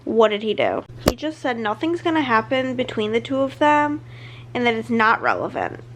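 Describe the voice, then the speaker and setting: A woman with a slightly high voice talks through her reading in a casual vlog. She is chatty and excitable, reacting to each twist as it comes. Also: moderate pace, slight background noise. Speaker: book vlogger.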